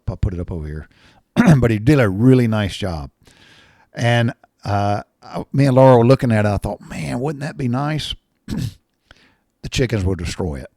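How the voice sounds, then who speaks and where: An older man, telling a rambling story in a folksy way, often clearing his throat and repeating words. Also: mid-range voice, a little mellow, dry recording, studio quality. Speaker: vlogger.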